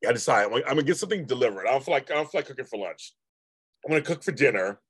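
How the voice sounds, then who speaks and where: A man's voice: mid-range voice, lively intonation, racing, a bit bright, breathy edge, no room sound. A man in his fifties hosting a live stream, chatting casually and rambling as he answers comments from viewers. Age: 50s.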